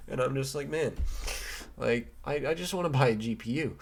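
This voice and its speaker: A man's voice: mid-range voice, moderate pace, vocal fry. A young man ranting casually on a vlog, rambling and stammering with many restarts and fillers, swearing now and then. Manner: mock voices for quoted people. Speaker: vlogger. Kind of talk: casual rant to camera.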